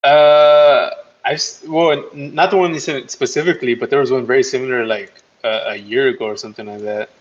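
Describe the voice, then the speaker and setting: A man's voice: mid-range voice, fairly even intonation, brisk, dull audio. A man in casual podcast talk over a voice call, rambling, swearing and playing incredulous.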